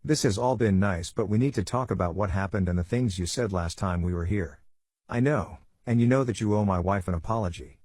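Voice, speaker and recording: A man's voice: lowish voice, a little fast, darkish tone, no echo, lightly acted. A man voicing a protective young husband in a bedtime story, firm and blunt.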